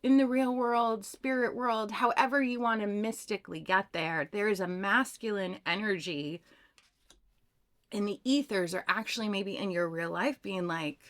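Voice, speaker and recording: A woman doing a pick-a-card tarot reading, talking casually and telling a story from her own life. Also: medium pitch. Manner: chatty, animated, tells personal stories. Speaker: tarot reader.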